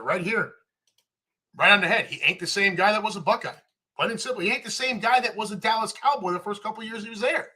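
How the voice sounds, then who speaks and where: A man hosting a live sports chat stream, ranting with animated energy and reading viewer comments. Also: high voice, husky.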